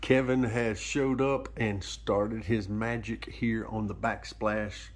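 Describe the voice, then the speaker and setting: Low-voiced man showing kitchen work. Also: steady tone, takes it slowly, background noise. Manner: plainspoken, explaining step by step with fillers. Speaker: vlog co-host, pastor. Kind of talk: casual home-remodel vlog walkthrough. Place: indoors in a kitchen.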